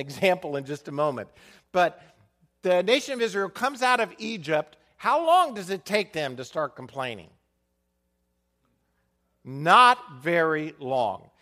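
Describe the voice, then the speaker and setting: Animated male preacher with lively pitch. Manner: animated preaching with dramatic dips to a quiet voice; acts out complaining people in a muttering voice. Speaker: pastor. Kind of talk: sermon.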